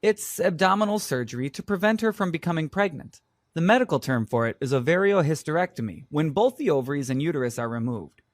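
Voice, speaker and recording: A man voicing a patient vet who explains with reassurance in an exam recording. His voice is fairly high and very lively in pitch, recorded dry in a studio. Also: fast talker, no room sound, close to an everyday voice. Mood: reassuring. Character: calm reassuring male vet. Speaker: vet in a scripted exam dialogue. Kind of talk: scripted exam role-play.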